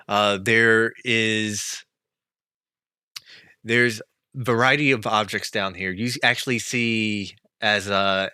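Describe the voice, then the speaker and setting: A man narrates a tabletop game slowly, with many fillers and pauses. His low voice is bright and crisp. The sound is dry and close. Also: dry recording. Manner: slow, halting with many fillers. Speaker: game master.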